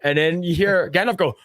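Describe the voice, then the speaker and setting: A man with a somewhat high voice hosts a loose podcast chat. He laughs a lot and swears freely, and he acts out the scenes he describes. The sound is dry and close, with no room around it. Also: fairly bright tone, no room sound. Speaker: podcast host. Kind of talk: casual chat.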